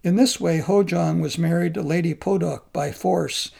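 A man calmly narrating a folk tale in a measured storybook style. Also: fairly high pitch, gravelly.

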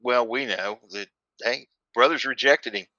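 Man, podcast co-host, teasing and laughing, bright voice, dry mic. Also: medium pitch, a little slow, dry recording, muffled recording. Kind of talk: casual chat.

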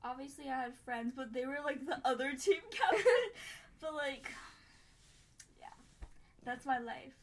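A woman's voice: high-pitched, unhurried, pauses often. A young American woman co-hosting a podcast, bantering playfully and teasing her friend in casual slang. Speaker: podcast co-host. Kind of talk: casual chat.

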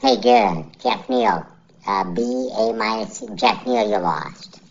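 A woman giving casual, joking MMA fight picks and grades, animated and laughing often, on a dull lo-fi recording. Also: rumbling low, slow pace, creaky.

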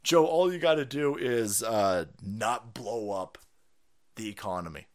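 A man hosting a live stream, ranting in profane commentary, mocking and laughing often, breaking into loud excited outbursts. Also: on the low side, measured pace. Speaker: livestream host.

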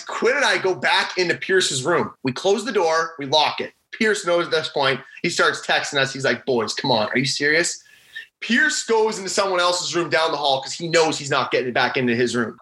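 A young former college hockey player with a fairly high voice tells a prank story in a casual interview. He's animated, acting out his friends' lines in their voices, and the audio is poor.

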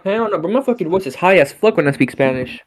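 A man's voice: high voice, expressive, fast talker. A young man co-hosting a podcast, joking and swearing in loose storytelling banter. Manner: bilingual, slips into Spanish. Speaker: podcast co-host. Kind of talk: casual chat.

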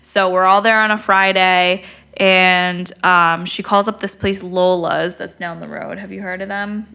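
A young woman co-hosting a casual podcast chat, telling an animated story and swearing freely. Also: fairly low pitch, unhurried, gravelly. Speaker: podcast co-host.

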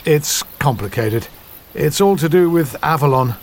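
A weary farmer husband a slightly raised pitch and a dry, matter-of-fact delivery. He stays level and unflappable throughout this radio soap parody. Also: lively intonation, unhurried, slight background noise.

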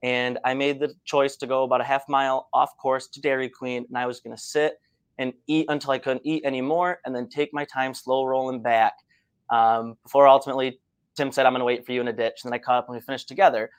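Host: man, mid pitch, easygoing storyteller, friendly questions. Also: flat delivery, a little fast, smooth. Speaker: podcast host, runner. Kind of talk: casual conversational interview.

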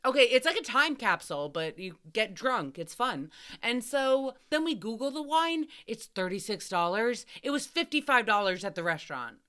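A young woman with a fairly high, bright voice that comes across smooth and clear. She hosts a casual podcast and rambles through stories, swearing and bursting into loud acted-out quotes. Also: normal speed. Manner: animated, swearing, acts out quotes with loud outbursts. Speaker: podcast host. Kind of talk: casual storytelling recap.

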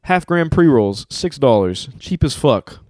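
A young man talks in a relaxed, rambling way, full of slang and cursing. His pitch sits in the middle range for a man. The sound is dry and close, with no room echo. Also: a little slow. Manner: laid-back storytelling with heavy slang and swearing. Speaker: podcast host. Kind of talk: casual chat.

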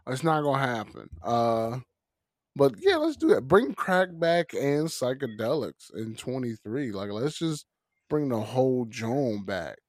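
A man co-hosting a casual podcast chat, an animated storyteller who acts out quotes and laughs often. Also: medium pitch, unhurried, no room sound, clean studio sound. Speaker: podcast co-host.

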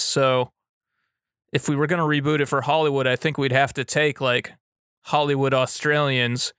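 A man co-hosting a podcast in casual chat, thoughtful and measured, with lots of fillers. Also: medium pitch, sharp tone, clean tone, no echo, clean studio sound. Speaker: podcast co-host.

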